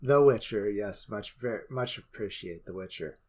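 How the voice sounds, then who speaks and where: A man co-hosting a podcast in casual chat, talking in halting, hedging bursts with some teasing. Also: fairly low pitch, a little mellow. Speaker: podcast co-host.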